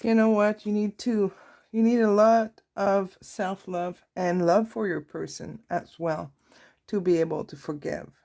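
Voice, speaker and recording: Slow gravelly-voiced woman tarot reader. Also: medium pitch, fairly even intonation. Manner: soft, warm-hearted, reads card messages aloud. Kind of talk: slow, intimate tarot reading.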